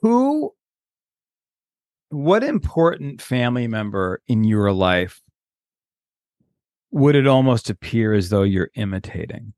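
Man hosting a podcast, slow questions, lots of pitch movement, dry sound. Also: big pitch swings, a little mellow, no room sound. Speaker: podcast host. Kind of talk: interview questions.

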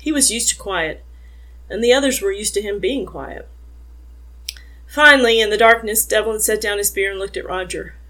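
Woman narrating an audiobook, even-paced. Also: mid-range voice. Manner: even, measured storytelling. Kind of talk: scripted narration.

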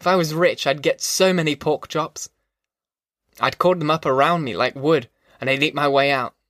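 A man voicing a blunt, skeptical male migrant who interrupts a story with gruff questions. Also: fairly high pitch, normal speed, fairly bright tone, no room sound, studio quality, natural voice.

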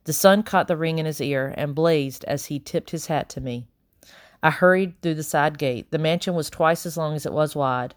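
A woman narrating a novel in the first person, steady and measured. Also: deep voice, no echo, studio quality. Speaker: audiobook narrator.

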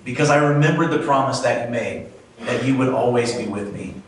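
A hopeful young boy calling out from under the rubble, as a preacher puts him on, earnest and a little higher than an everyday voice. The sound bounces heavily around a large, echoey room. The mic sits a fair way off. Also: a little fast, far from the mic, noisy background, close to an everyday voice.

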